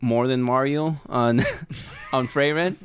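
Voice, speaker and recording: A man's voice: mid-range voice, takes it slowly, slight background noise. A man co-hosting a podcast, speaking casually and hesitantly, stammering and chuckling. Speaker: podcast co-host. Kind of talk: casual chat.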